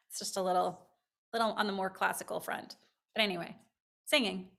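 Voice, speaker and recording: A voice actress chatting as a podcast guest, her woman's voice a little tired and rough, talking loosely with lots of fillers. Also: medium pitch, fairly even intonation, brisk, fairly bright tone. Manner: chatty, self-deprecating, full of fillers. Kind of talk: casual interview chat.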